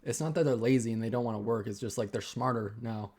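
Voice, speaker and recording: A young man vlogging a casual personal rant, halting and rambling as he keeps restarting his sentences. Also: medium pitch, a little mellow, slightly rough.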